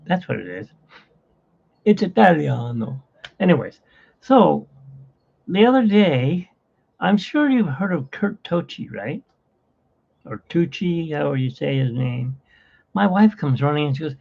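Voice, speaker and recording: A man's voice: on the high side, sing-song, measured pace, gravelly, long pauses, breathy edge. A man hosting a casual livestream from his phone, rambling and chatty with frequent laughs, in dull lo-fi phone audio. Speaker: livestream host.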